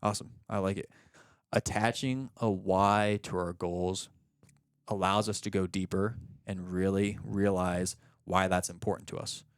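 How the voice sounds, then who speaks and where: Man, very low voice, coach explaining steps, teaching tone, dry close mic. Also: unhurried, clean tone, no room sound. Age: young adult or middle-aged, a father of young kids. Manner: explaining in a steady teaching way, often acting out example questions. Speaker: coach and podcast host. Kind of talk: coaching session chat.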